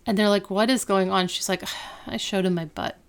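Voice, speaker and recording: A woman's voice: mid-range voice, fairly quick, smooth. A woman co-hosting a podcast, casually recapping a TV episode and acting out the characters' lines as she goes. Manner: animated retelling, acting out quoted lines. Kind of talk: casual chat.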